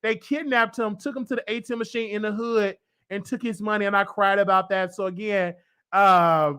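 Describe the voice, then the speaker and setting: A man's voice: high voice, steady tone, moderate pace, sharp tone, clear, resonant tone. A man hosting a casual comedy talk show, talking in a boastful, over-the-top way. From Chicago. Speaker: show host.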